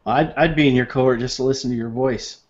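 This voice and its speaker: A chatty, playful man co-hosting a casual online hangout, often restarting his sentences. His voice is mid-pitched and sounds dull and lo-fi, like audio from a video call. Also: fairly even intonation, fast talker.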